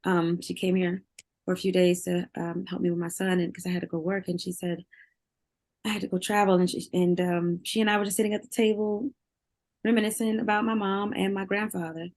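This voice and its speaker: A middle-aged woman with a fairly low voice talks openly and with feeling as an interview guest. She often repeats her words and breaks into laughter, and her speech runs candid and heartfelt. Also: little pitch movement, fairly quick, darkish tone.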